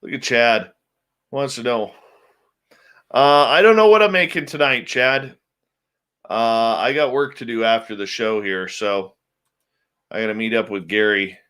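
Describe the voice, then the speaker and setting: Before the show, a male host chats with live viewers in an unhurried, easy drawl, greeting people by name and muttering little asides to himself. His voice sits at an ordinary middle pitch for a man, bright, forceful, and clean in tone.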